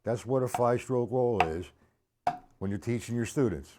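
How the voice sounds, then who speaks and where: A man's voice: mid-range voice, normal speed, noisy background. A man teaching drum rudiments on a live stream, counting beats aloud and chatting with viewers in the chat.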